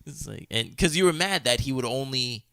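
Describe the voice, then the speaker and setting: A man's voice: mid-range voice, animated, brisk, gravelly, a crowd in the background. A man co-hosting a podcast in casual chat, frank and teasing, laughing often. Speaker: podcast co-host.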